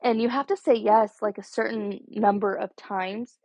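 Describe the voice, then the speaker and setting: A woman's voice: mid-range voice, steady tone, normal speed, a little mellow, husky, dry recording. A young woman in college, hosting a casual solo podcast and rambling in a chatty way, full of "like". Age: young adult. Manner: rambling, chatty, heavy use of "like". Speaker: podcast host.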